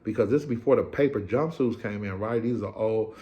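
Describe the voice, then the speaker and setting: A man's voice: on the low side, fairly quick, highs cut off. A middle-aged man telling a story in casual, profane slang, acting out the people in it and checking in with "right?". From California. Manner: slangy, acts out voices, keeps asking "right?".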